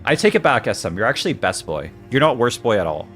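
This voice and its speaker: A male streamer giving excitable, jokey commentary while he plays a game, often breaking into loud outbursts. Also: medium pitch, fast talker, soft background music. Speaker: gaming streamer. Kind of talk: casual gaming commentary.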